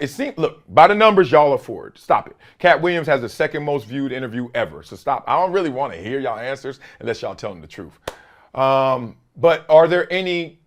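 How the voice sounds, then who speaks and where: A middle-aged man hosting a sports talk show, giving emphatic solo commentary full of slang and laughter. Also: mid-range voice.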